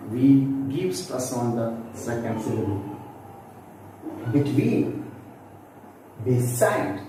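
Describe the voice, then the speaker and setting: A man's voice: medium pitch, dark tone. A man teaching a lesson, patiently explaining and repeating example words aloud for practice. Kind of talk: classroom-style explanation. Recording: very echoey room, distant mic, faint background noise.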